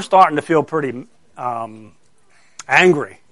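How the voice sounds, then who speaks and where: A man's voice: a little high, moderate pace, fairly bright tone, no room sound. A middle-aged man, a pastor telling a story to children and asking them questions as he goes. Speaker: pastor giving a children's sermon.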